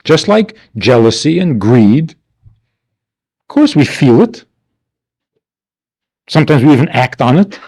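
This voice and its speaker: A man teaching a class as a rabbi, animated and rhetorical, acting out the people he quotes. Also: fairly high pitch, slow pace, pauses often, husky. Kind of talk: lively classroom lecture. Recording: archival 1992 class recording.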